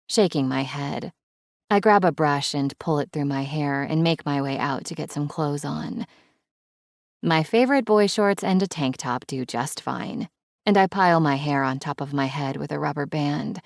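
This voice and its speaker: Woman narrating audiobook, wry conversational tone, low voice, dry close sound. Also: vocal fry, no room sound. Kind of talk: first-person audiobook narration.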